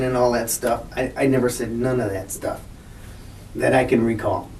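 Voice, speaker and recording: A man's voice: medium pitch, warm tone. Hesitant older man in echoey room. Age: 60s. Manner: hesitant, halting, defensive. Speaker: suspect under interrogation. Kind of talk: police interrogation. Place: interrogation room. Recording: echoey room picked up from far off, faint noise.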